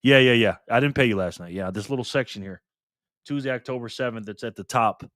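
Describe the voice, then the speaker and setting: A man's voice: medium pitch, brisk, fairly bright tone, no echo, clean studio sound. An older man hosting a live stream in a casual, chatty way, thanking viewers by name and swearing now and then.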